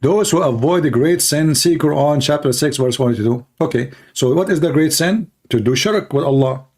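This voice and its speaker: A man hosting a confrontational livestream debate, talking emphatically and challenging his listeners, with a dry throat and frequent throat clearing. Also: on the high side, moderate pace, a little mellow. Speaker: debater and host.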